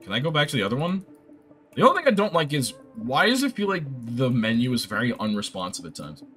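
A young man live-streaming a game, chatting casually and telling rambling, excitable stories. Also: medium pitch, fast talker, soft background music.

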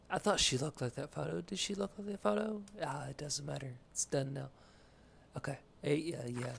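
Gravelly man rambling over gameplay. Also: a little high, normal speed, background noise. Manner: rambling, joking, swears casually. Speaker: game commentator. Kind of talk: let's play commentary. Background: video game music.

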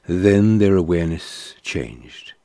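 A man reads a Bible passage in a measured, unhurried way. His voice sits very low and sounds dark and mellow, with a slow pace. The sound is dry and close. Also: expressive, no echo. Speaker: scripture reader. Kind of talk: scripted Bible reading.

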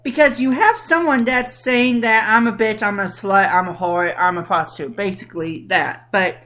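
A woman's voice: mid-range voice, normal speed, a bit bright. A woman hosting an internet radio show, rambling and playful in casual chat. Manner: rambling, playful, hums along. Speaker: host.

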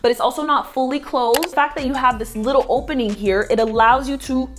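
A woman's voice: high voice, fairly even intonation, fairly quick, a bit bright, soft background music. A woman heels dance instructor giving a casual tutorial, chatty and playful, talking straight to her viewers.

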